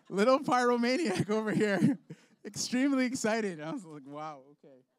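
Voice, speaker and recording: A man's voice: very high voice, animated, moderate pace, no echo. A man leading an object lesson for kids in a children's ministry, upbeat and playful, laughing often.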